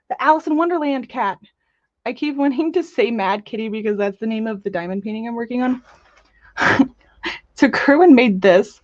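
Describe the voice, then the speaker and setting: A woman hosting a casual crafting livestream, chatting in a bubbly way with quick gushing asides while she demonstrates. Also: a little high, no echo, muffled recording. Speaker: crafting channel host. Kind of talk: casual live-stream chat with demos.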